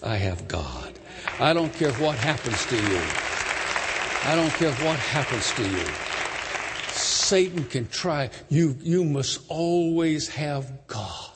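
A man's voice: medium pitch, animated, slow pace, over a noisy crowd, heavy background noise. A preacher voicing a young enslaved man who firmly refuses, earnest and repeating himself. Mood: resolute. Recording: long hall reverb.

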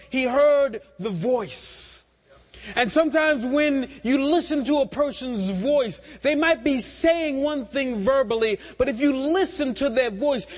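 A man delivers a sermon in a strikingly high voice, unhurried and measured. He leans into pauses and lifts his emphasis at key moments. His voice rings out with a long reverb through a large church hall. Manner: slow, deliberate preaching with dramatic pauses and rising emphasis. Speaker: preacher.

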